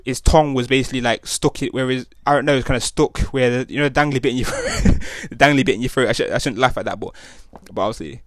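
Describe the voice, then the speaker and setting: A man's voice: medium pitch, racing, hardly any pauses, dry recording, clean studio sound. A young man, hosting a podcast and telling a rambling story in slang, full of restarts and tag questions. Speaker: podcast host. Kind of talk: casual storytelling monologue.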